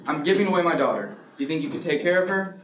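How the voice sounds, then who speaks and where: A student actor playing a gentle father calming his daughter before her wedding, in a school stage play heard from far off in an echoey hall. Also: fairly high pitch, racing, a little hiss or hum. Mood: soothing. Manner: calming, hushing. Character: gentle, soothing father of the bride.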